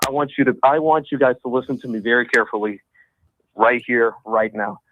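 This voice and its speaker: A man's voice: medium pitch, a little fast, a little hiss or hum. A man calling into a radio show and ranting angrily about politics. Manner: angry ranting, insulting. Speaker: caller. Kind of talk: call-in rant. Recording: dull phone-in line.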